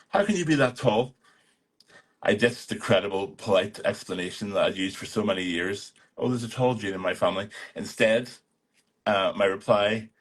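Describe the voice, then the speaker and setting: A man's voice: fairly low pitch, slightly rough. A man hosting a casual live chat, reading aloud and joking in a wry, blunt, self-mocking way. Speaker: host of an online live chat.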